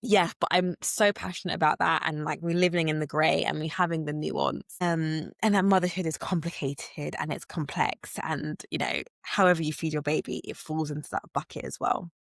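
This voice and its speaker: A woman's voice: sits low, steady tone, moderate pace, gravelly, hardly any pauses, dry recording, studio quality. A woman hosting a solo podcast, telling personal stories in a candid, chatty way with lots of casual fillers. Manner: chatty and candid, with many "like" and "you know" fillers. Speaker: podcast host.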